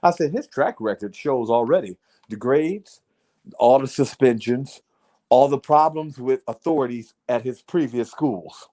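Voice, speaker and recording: A man's voice: mid-range voice, a little slow, warm tone. A man casually telling a long story to friends in a blunt, profane way, repeating "I said" as he retells it. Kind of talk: casual chat.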